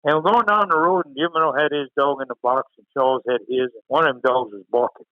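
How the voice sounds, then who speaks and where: A man's voice: medium pitch, quick pace, no echo. A man with a Cajun accent telling a story in a laid-back way with dry humor. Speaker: guest. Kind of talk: casual storytelling. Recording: tinny phone-line sound.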